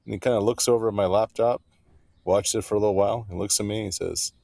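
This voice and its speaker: A man's voice: lowish voice, steady tone, quick pace, vocal fry, warm tone, no room sound. A Canadian man co-hosting a sports radio show, telling stories in a casual way with dry, wry humor. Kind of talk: casual chat, storytelling.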